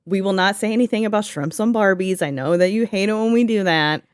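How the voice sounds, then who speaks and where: A woman's voice: medium pitch, brisk, smooth, no echo, clean studio sound. A woman co-hosting a casual podcast, joking, giggling and swearing as she reacts to the story. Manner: giggly, profane, playful interjections. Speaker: podcast co-host.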